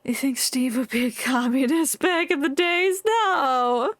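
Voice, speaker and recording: Woman streamer laughing thru a game, slowish talk, kinda high voice, dry close mic. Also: dry recording. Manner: giggly, chatty, reacts playfully. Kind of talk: casual game commentary.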